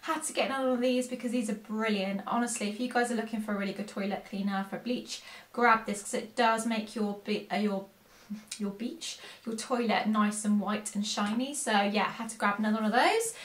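A woman's voice: medium pitch, fairly even intonation, brisk, reverberant. A woman, chatting casually and rambling to camera as a haul vlogger, poking fun at herself. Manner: chatty, rambling and self-mocking.

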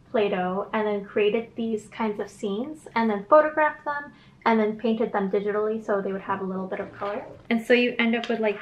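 Bubbly, rambling woman vlogger, higher voice. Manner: bubbly, rambling, many "like" fillers. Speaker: children's book illustrator vlogging. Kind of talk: casual chatty vlog.

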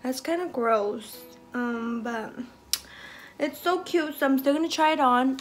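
A woman's voice: high voice, unhurried. A young woman, chatting casually through a clothing try-on haul, blunt and swearing constantly. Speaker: fashion vlogger. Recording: echoey room, faint music behind.

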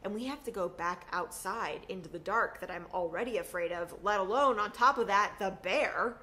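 A woman performing a personal story, acting out the voices of the people in it. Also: moderate pace. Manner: animated, acts out quotes with big pitch swings.

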